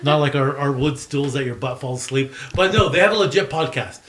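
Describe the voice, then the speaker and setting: Bright-voiced rambling man co-hosting. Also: mid-range voice, a little fast. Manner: rambling, playful, with many fillers. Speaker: podcast co-host. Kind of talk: casual chat among friends.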